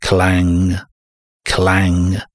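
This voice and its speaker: A man narrating a horror audiobook in a measured, dramatic first-person telling. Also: deep voice, monotone, no echo, clean studio sound.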